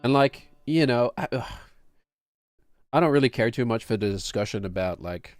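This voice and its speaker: A man's voice: mid-range voice, expressive, moderate pace, no echo. A man near forty talks through his home music setup, rambling, joking at his own expense and laughing as he goes. His voice sits in a middle register, close and dry on the mic with no room sound. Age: late 30s. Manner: chatty, self-deprecating, laughs often. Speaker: streamer and home music producer. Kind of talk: casual rambling explanation.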